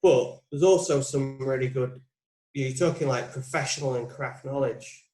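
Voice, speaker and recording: A man's voice: medium pitch, moderate pace, a little mellow. A man in his forties, a putting coach being interviewed, talking casually and reflectively, thinking aloud with frequent restarts. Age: 40s. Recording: roomy, echoey sound.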